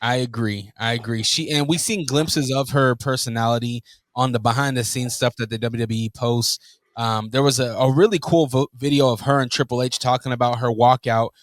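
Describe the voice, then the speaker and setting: A man's voice: mid-range voice, steady tone, a little fast, no room sound. A man co-hosting a podcast, easygoing and agreeable in casual chat. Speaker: podcast co-host.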